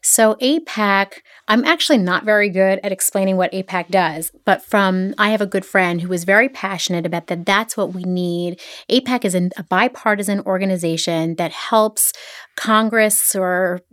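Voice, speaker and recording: A middle-aged woman from the Philadelphia area, a podcast guest, chatting casually and telling stories with quick asides. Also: medium pitch, no echo, clean studio sound. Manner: animated storyteller, quick asides. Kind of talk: casual interview chat.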